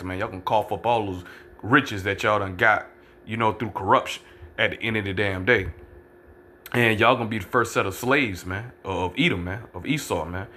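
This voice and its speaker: A man preaching fiercely and profanely, ending nearly every phrase with "man" and slowing down to read scripture verses aloud. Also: on the low side, bright, forceful tone, a little hiss or hum. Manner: reads scripture verses slowly and deliberately. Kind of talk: fiery street-style preaching with scripture reading.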